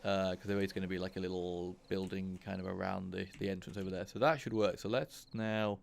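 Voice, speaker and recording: Male let's-play host, low and gravelly, casual thinking-aloud commentary with bursts of cursing. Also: steady tone, a little fast, slight background noise. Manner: thinks aloud, grows frustrated and swears. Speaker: gaming channel host.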